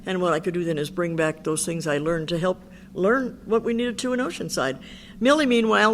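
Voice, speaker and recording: Older woman, candid recovery-meeting speaker, chatty storyteller, faint background hiss. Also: on the low side. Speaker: Al-Anon speaker. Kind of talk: personal recovery talk.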